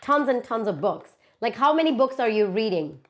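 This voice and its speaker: A woman's voice: a little high, sing-song, normal speed, fairly bright tone. A woman with an Indian English accent hosting a casual live Q&A, answering viewer questions in an emphatic way and repeating words for stress.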